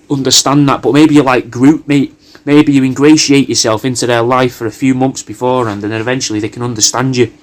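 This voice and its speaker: A man, hosting a comedy cameo and riffing in a meandering, sweary monologue. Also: medium pitch. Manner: meandering, sweary, riffing loosely with lots of "mate". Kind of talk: rambling comic monologue.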